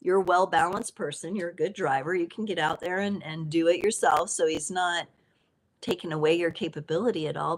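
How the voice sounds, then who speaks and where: A woman's voice: fairly low pitch, brisk. A woman hosting a live tarot stream, chatting playfully with lots of fillers and easy laughs. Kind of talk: casual live tarot reading.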